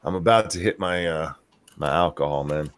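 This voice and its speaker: Low-voiced guy hosting a chat show, rambles w lots of ums, dry close sound. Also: moderate pace, no room sound. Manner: rambling, filler-heavy delivery. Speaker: podcast host. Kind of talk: casual political chat.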